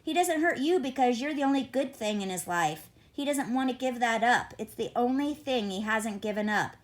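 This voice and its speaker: An earnest schoolteacher pleads with a student in an urgent, driven voice, as a woman reader lends him her fairly high tone. The delivery is the plain voice of an audiobook reading, not a heavy character voice. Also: expressive, normal speed, lightly acted. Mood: furious. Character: earnest adult male schoolteacher, intense.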